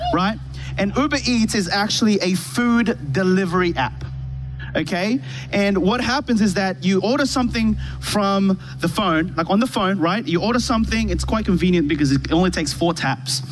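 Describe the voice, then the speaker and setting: A man's voice: high-pitched, rough recording. A man preaching a conversational sermon from a church stage, telling a personal story and asking the congregation rhetorical questions. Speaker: pastor. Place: church stage with a worship band. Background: faint keyboard pad music.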